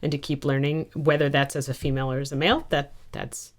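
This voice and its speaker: A woman's voice: very deep voice, flat delivery, quick pace. A woman in her thirties, a podcast guest telling stories about her life in a candid, self-mocking way. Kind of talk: casual podcast interview.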